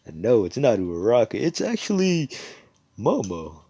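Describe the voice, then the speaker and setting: A man's voice: medium pitch, huge pitch swings, normal speed, mellow, breathy edge, dry recording, lo-fi sound. A man casually narrating a fan story in a loose, sweary way with filler asides. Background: faint background music.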